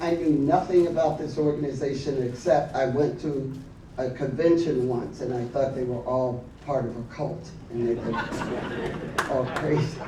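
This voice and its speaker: A man telling a personal story at a memorial gathering, laughing often and acting out quoted lines loudly. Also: fairly high pitch, slight background noise. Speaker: memorial speaker. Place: large hall. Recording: echoey hall, mic from far off.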